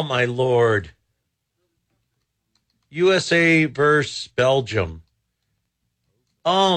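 A man's voice: fairly high pitch, a bit bright. A man hosting a talk radio show, rambling and exasperated, with many false starts. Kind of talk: casual talk radio commentary.

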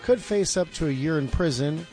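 A man's voice: fairly high pitch, normal speed, warm tone, faint music behind. A man co-hosting a talk radio show, reading out a news item in a matter-of-fact way.

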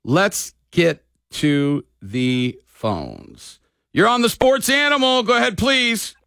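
Gravelly-voiced male sports radio host. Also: high voice, big pitch swings, takes it slowly, bright, forceful tone, dry recording, studio quality. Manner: blunt, chatty, openly emotional. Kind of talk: casual sports talk radio. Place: radio studio.

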